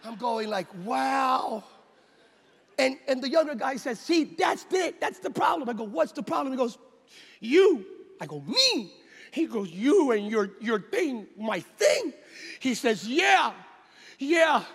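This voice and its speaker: A man preaching a sermon, telling a story with acted-out dialogue and building into shouted passages. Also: extremely high pitch, sing-song, normal speed, husky. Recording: long hall reverb with faint music.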